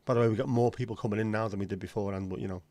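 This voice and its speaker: A man's voice: fairly low pitch, fairly even intonation, racing, warm tone, dry recording. A man with a Scouse accent, hosting a livestream in casual, blunt, sweary banter with his viewers. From Liverpool, England. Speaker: livestream host.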